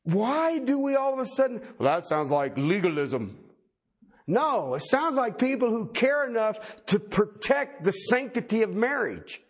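A middle-aged pastor delivers a sermon in a folksy, animated style, his voice high for a man and carrying a husky grain. He speaks at normal speed with few pauses and drops in joking asides.

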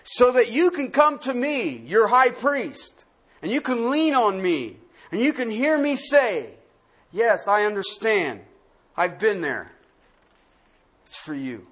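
A man pastor preaching a sermon, swinging from hushed, quiet lines to loud, acted-out quotes. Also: very high voice, big pitch swings, unhurried.

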